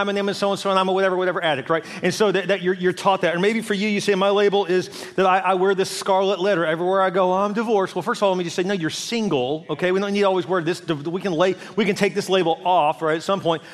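A man who is a senior pastor, preaching a sermon in a church with animated delivery, acting out people's inner voices. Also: sits high. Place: large church hall. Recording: long hall reverb.

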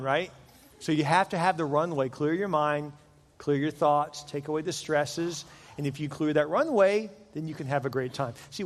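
A middle-aged man preaching a sermon to a large church congregation, casual and joking in tone. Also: on the high side. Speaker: pastor. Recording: long hall reverb.

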